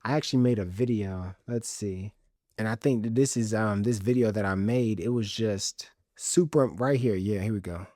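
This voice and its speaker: A young man from the Chicago suburbs hosting a podcast, telling stories in an animated, casual way and playing them up for laughs. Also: lowish voice, normal speed, no echo, clean studio sound. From Chicago's South Side suburbs, Illinois. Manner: animated, comic exaggeration, casual slang. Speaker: podcast host. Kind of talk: solo storytelling monologue.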